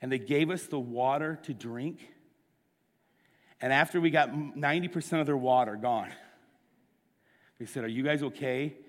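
A middle-aged man preaching a sermon, telling a story with lively acted-out dialogue. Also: medium pitch, normal speed, long pauses. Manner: animated storyteller, acts out the dialogue. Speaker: pastor. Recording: long hall reverb.

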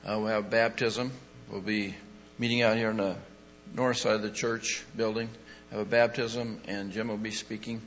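A pastor giving announcements and a closing prayer, halting with frequent pauses and restarts. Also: male voice, fairly low pitch, flat delivery, fairly bright tone, soft background music. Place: church sanctuary. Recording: dull lo-fi recording in a reverberant church.

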